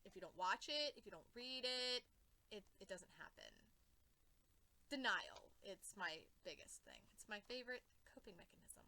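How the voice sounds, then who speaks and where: High, animated young woman ranting. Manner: exclaiming, swearing, repeating herself. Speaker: comic book reviewer. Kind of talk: emotional reaction rant.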